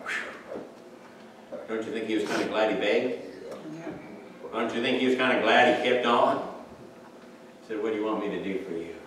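A male pastor preaches to his congregation, dropping to a hush and then rising to a shout as he fires questions at them. He stands away from the mic, so his voice comes back with a heavy church echo. A faint hum of room noise sits underneath. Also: on the low side, moderate pace, pauses often. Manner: preaching in waves from hushed to shouting. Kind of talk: sermon. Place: church sanctuary. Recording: echoey church hall from far off.

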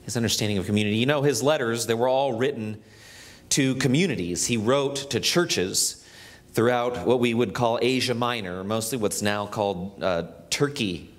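A man's voice: medium pitch, moderate pace. A man preaching a sermon as a pastor, talking conversationally with asides and small restarts, and reading scripture aloud in a church. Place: church sanctuary.

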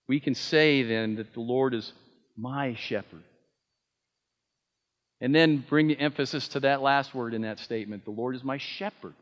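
A man's voice: fairly high pitch, fairly bright tone, big-room sound. A man preaching a sermon, earnest and emphatic, with frequent fillers and restarts. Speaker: pastor.

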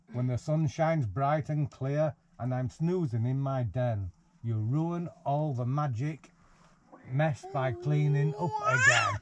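A man's voice: mid-range voice, background noise. A man reads a picture book aloud to a baby in a caravan, breaking off for playful, teasing asides. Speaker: parent reading to a baby. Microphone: 360 VR camera.

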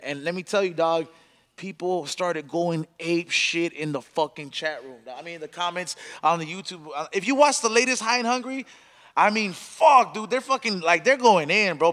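A man hosting a casual podcast, loud and excitable, swearing freely as he rants. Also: sits high, moderate pace. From Salvadoran family. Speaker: podcast host. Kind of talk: casual profane podcast banter.

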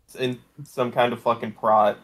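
A young man with an ordinary mid-range voice chats on a podcast. He makes quick, blunt, sardonic asides. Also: medium pitch, little pitch movement. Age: young adult. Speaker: podcast co-host. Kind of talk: casual chat.

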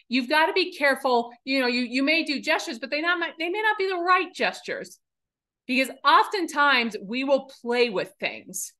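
A woman coaching public speaking in a webinar, talking in an enthusiastic, animated and emphatic way. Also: high-pitched. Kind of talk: webinar presentation.

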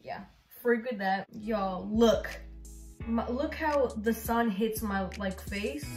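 A YouTuber with a slow, darkish voice on the high side chats casually to her viewers in a rambling vlog, full of fillers. It's recorded on a phone, with roomy sound and background music.

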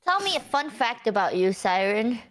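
A woman's voice: a little high, big pitch swings, moderate pace, fairly bright tone. A woman chatting on a stream, flustered and rambling in a self-deprecating way. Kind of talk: casual stream chat. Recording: noisy streaming mic.

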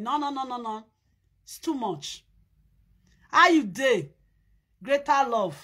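A young Nigerian woman rattles off lively gossip in a high, bright voice. She laughs often, bursts into shouts and puts on other people's voices as she tells the story. Her delivery is loose and excitable from start to finish. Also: moderate pace, breathy edge. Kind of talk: animated gossip monologue in Pidgin.

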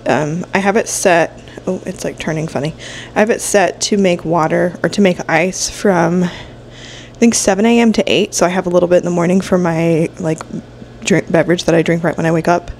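On a handheld vlog camera with a little hiss or hum in the background, a young woman rambles casually from her home kitchen and office, her speech full of fillers. Her lowish, darkish voice moves fairly quickly with fairly even intonation. She's sleepy, yawning, and a bit nasal from allergies.

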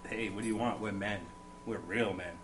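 A man's voice: lowish voice, fairly even intonation, normal speed, lightly acted. A man playing a cocky, rude male construction worker on a date in a comedy sketch, talking with boastful swagger, recorded with noise and hum. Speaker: sketch actor. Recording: noisy amateur recording with hum.

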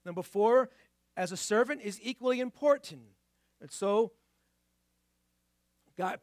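A male pastor delivers a sermon in a church, his accent mixing New York and Boston. His voice sits high for a man and sounds close and dry. He keeps it conversational, slowing down on key points and asking the room rhetorical questions. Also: no echo. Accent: mix of New York and Boston. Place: church sanctuary.

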